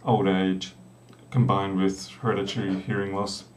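A man's voice: low-pitched, flat delivery, normal speed, slight background noise. A middle-aged man with an Australian accent, chatting casually while live coding, rambling with joking asides. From South Australia. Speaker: programmer live-streaming. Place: small room with a door. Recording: distant mic in echoey room.

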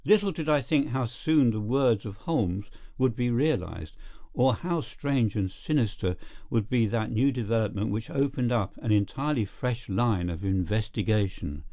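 A man narrating an audiobook in a steady, measured storytelling way. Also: medium pitch, no room sound. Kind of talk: scripted narration.

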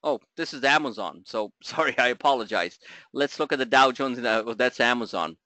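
A middle-aged man hosting a live trading webinar, joking and talking loosely, with loud asides and low mutters. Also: fairly quick, no room sound. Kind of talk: live market webinar talk.

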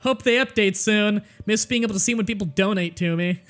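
A woman's voice: medium pitch, brisk. A woman streaming a strategy game, joking, swearing freely and thinking aloud, with faint music behind. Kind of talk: casual gameplay livestream commentary.

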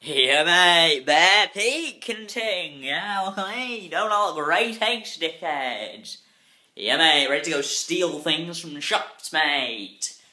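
A man's voice: fairly high pitch, expressive, slow pace, sharp tone, heavily acted. A young man putting on a cocky chav. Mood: cocky taunting. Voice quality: slangy, taunting street talk. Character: brash young male chav, cocky and swaggering. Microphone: phone held in hand.

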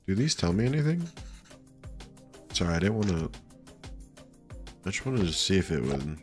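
Young male streamer, very low voice, chatty self-talk, casual cursing, soft game music behind. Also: very animated, normal speed. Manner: chatty, talks to himself, swears casually. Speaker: gaming streamer. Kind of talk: casual let's-play commentary. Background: faint game music.

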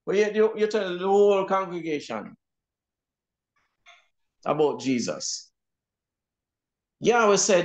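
A man's voice: high-pitched, lively intonation, takes it slowly, pauses often. A man with a Jamaican accent teaching a Bible class, emphatic and often asking "you see?". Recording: roomy echo.

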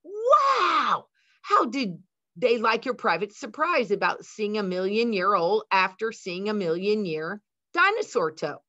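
A woman voicing a teasing, dismissive older brother who talks loudly in a storybook reading. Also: medium pitch, very animated, measured pace. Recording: dull lo-fi recording.

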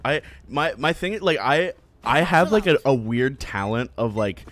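A man's voice: mid-range voice, animated, measured pace, a bit bright. A young man from the Northeast United States chatting casually while gaming, laughing often and stammering through restarts. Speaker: streamer.

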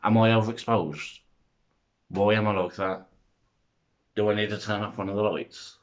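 A young man, chattering excitedly and rambling through a makeup review vlog, filmed on a front-facing phone camera. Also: on the low side, normal speed, highs cut off. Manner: excitable, rambling, self-interrupting. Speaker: makeup vlogger.

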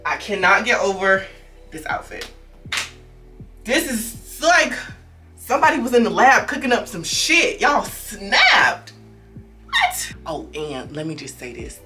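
A young woman in her twenties doing a lingerie try-on haul, talking in animated slang, repeating herself and breaking into sudden high exclamations. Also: distant mic. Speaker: fashion vlogger.

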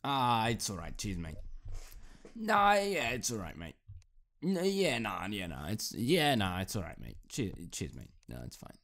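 A man doing a put-on Australian accent as an easygoing bloke, repeating relaxed casual slang in a lowered voice. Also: measured pace, full character voice. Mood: laid-back.

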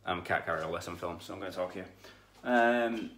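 Blunt, low-voiced man vlogging. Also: fairly quick, fairly bright tone. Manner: blunt, swears, frustrated. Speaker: dog trainer vlogging. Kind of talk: casual vlog chat. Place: outdoors in a field with dogs.

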